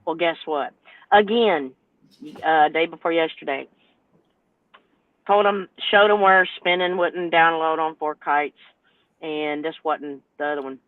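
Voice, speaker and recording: A woman's voice: low voice, measured pace, pauses often, no echo. Exasperated woman in her sixties. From North Carolina, US. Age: 60s. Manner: animated, exasperated storytelling rant. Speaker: truck driver and owner operator, panel guest. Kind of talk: podcast panel discussion. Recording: tinny phone-like line, dry.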